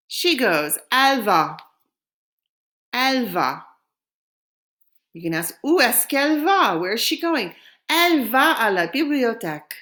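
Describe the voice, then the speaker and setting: Lady teaching a french lesson, says the phrases slow and clear for you to repeat. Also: a little high, fairly bright tone. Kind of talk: recorded language lesson.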